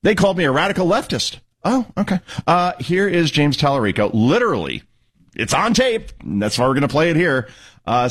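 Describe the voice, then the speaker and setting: A mid-range male voice hosts a political talk radio show, sarcastic and animated, cueing up audio clips and commenting on them.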